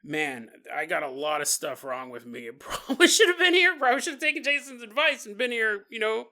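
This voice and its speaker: A man's voice: sits high, brisk, bright, forceful tone. A man voicing a miserable sick patient pleading with his doctor, in a comedic podcast story.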